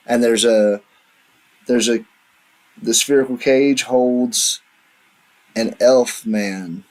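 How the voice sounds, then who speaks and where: A man narrating a tabletop game as dungeon master, describing the scene in a halting way with fillers. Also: medium pitch, steady tone, a little mellow. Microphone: online voice chat.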